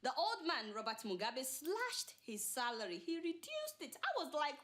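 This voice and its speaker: A woman's voice: sits high, wildly swooping pitch, moderate pace, few pauses, fairly bright tone. A woman hosting a satirical news show, chatty and sarcastic, bantering with her crew. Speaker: show host.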